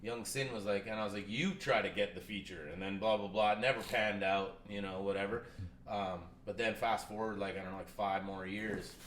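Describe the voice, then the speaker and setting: A man tells a story in a loose, casual chat, his voice bright and forward, and he swears freely. The sound is roomy, with a faint hiss behind him. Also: lowish voice, brisk. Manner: animated, swears freely, acts out quoted phone calls. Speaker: guest rapper. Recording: roomy with faint background noise.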